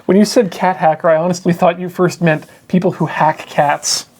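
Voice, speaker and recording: A man playing a storytelling card game on a stream, spinning a loose, rambling pitch with deadpan setups. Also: moderate pace, slight background noise. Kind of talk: casual improvised storytelling.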